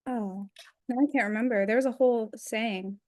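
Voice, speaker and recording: A woman's voice: on the high side, moderate pace, a little mellow, dry recording, studio quality. A young adult woman chatting as a guest on a video call, rambling with lots of fillers. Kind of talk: casual interview chat.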